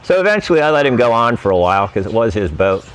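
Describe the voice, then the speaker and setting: A man's voice: mid-range voice, big pitch swings, fast. A man telling wry, rambling stories about his sailing travels in a casual, laid-back way. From United States. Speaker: vlogger recounting sailing travels. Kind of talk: casual storytelling.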